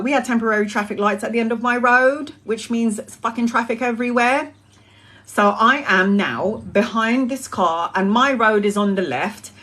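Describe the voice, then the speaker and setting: A woman's voice: medium pitch, a bit bright. A woman in her thirties telling a casual story and ranting about drivers, swearing freely and laughing often. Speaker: tarot livestream host.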